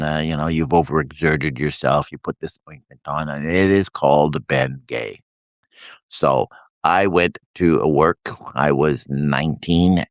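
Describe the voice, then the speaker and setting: Rambling older man, very low voice. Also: no echo, studio quality. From Canada. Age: 60s. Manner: meandering, self-deprecating, blunt, laughs often. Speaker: host of a live video stream. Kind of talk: rambling casual chat. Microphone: handheld microphone.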